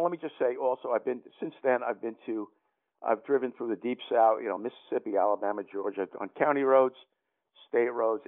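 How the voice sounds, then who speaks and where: An older man with a New York accent, telling a long story as an interview guest in a rambling way full of fillers and restarts. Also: medium pitch. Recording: tinny phone line.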